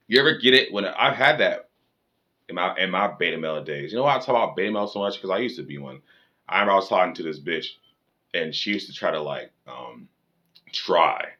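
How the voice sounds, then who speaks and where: A man's voice: low-pitched, sharp tone, highs cut off. A man giving dating advice in a blunt, profane, lecturing rant to camera.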